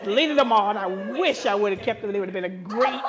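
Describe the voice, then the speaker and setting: A woman pastor telling comic stories to a live gathering, animated and jumping into high voices for the people she quotes. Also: fast, a crowd in the background. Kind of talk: comic storytelling to a live audience. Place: women's gathering with a laughing audience. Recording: live event with audience laughter.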